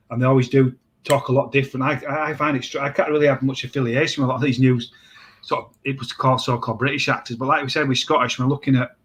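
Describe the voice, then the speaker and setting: A man hosting a casual chat, talking in a rambling, halting way with many restarts. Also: medium pitch. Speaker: host.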